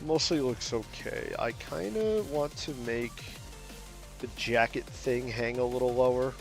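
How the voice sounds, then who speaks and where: A young man streaming from home, talking casually and rambling through his stories with plenty of filler and profanity. His voice sits at a middle pitch, and faint music plays underneath. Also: a little slow, creaky. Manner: gets loud and animated when ranting. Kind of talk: casual stream chat while drawing.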